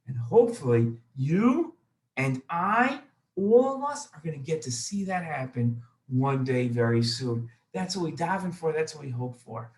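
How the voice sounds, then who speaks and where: A man's voice: a little high, sing-song, unhurried, darkish tone, roomy sound, poor audio. A man, a rabbi, telling a children's story in an explanatory way, talking to the listener directly.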